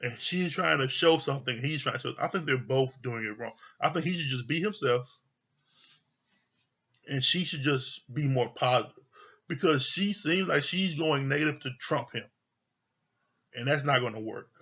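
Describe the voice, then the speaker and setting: A man casually recapping and reviewing a reality TV episode, blunt and animated, swearing freely as he retells the scenes. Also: mid-range voice, moderate pace, husky, dull audio. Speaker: TV show reviewer.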